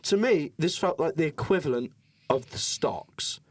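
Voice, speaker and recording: A man's voice: on the high side, moderate pace. A young man telling a story in casual, sweary podcast chat and acting out other people's voices. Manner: animated, swearing, acts out voices. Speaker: podcast co-host.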